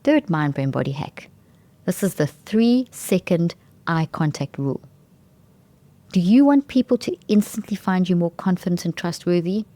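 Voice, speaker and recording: A woman's voice: on the low side, animated, moderate pace, mellow, no room sound. A woman hosting a talk show, explaining brain science in an enthusiastic, emphatic way and often restarting phrases mid-sentence. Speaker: podcast host.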